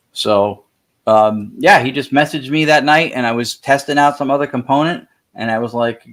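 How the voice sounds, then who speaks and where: A man's voice: medium pitch, brisk. A man co-hosting a paranormal talk show, speaking enthusiastically and laughing often. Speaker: paranormal investigator co-host. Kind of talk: casual chat.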